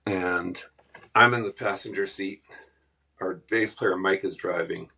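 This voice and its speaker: Man, low gravelly voice with a bright husky edge, lively storyteller on a podcast. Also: unhurried. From Western Canada. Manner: animated, laughing anecdotes with acted quotes. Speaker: musician guest. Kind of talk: casual storytelling.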